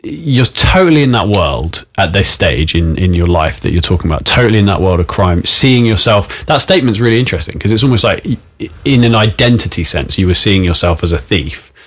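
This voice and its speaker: Male interviewer, husky, low voice, probing. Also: expressive, fairly quick, few pauses, fairly bright tone. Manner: reflective, probing questions.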